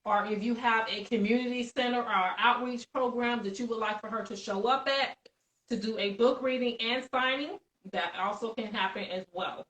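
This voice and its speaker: A woman hosts a live stream interview, encouraging her guest along. Her voice is bright and sits a little high, and the room around her is roomy and echoey. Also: normal speed.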